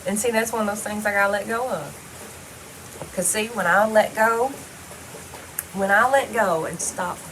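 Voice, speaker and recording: A woman's voice: medium pitch, a little slow, long pauses, a bit bright, slight background noise, poor audio. Blunt, foul-mouthed woman rambling on. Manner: blunt and heavily profane, loose rambling talk. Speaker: vlogger. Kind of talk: casual personal monologue.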